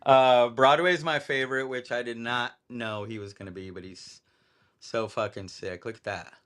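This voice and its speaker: A man's voice: medium pitch, fairly even intonation, moderate pace, fairly bright tone. A man in casual conversation about his toy photos, laid-back, swearing freely and laughing often. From Las Vegas area, USA. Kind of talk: casual chat.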